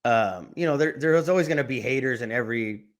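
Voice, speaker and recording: A man's voice: mid-range voice, brisk. Laid-back man telling a story. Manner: laid-back, slangy, animated when acting out quotes. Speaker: guest. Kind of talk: casual storytelling.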